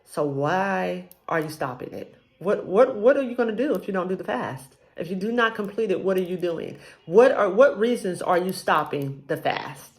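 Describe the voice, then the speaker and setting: A woman's voice: lowish voice, expressive, moderate pace, hardly any pauses. A married woman sharing a personal faith testimony in a casual, rambling way, with frequent ums. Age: adult, married with a child. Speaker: vlogger sharing a faith journey.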